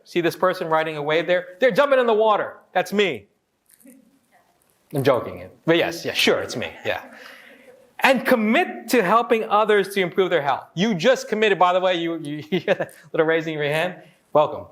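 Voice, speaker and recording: A man in his forties from Hawaii giving a lively motivational talk, joking with the audience and acting out quotes. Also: on the high side. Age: 40s. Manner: animated, joking, acts out quotes. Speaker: motivational speaker.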